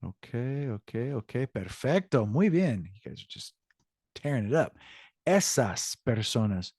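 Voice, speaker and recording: A man's voice: mid-range voice, very animated, a little slow, darkish tone, breathy edge, no echo, studio quality. A man teaching a Spanish class to students, encouraging them and correcting himself as he goes. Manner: upbeat, encouraging, self-correcting. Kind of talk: online class lesson.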